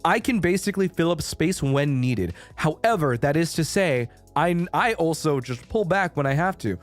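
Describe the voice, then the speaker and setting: A man's voice: on the high side, expressive, moderate pace, few pauses, faint music behind. A young man chatting casually on his stream, rambling and playful, swearing freely and laughing often. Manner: frequent laughter and restarts. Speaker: VTuber streamer.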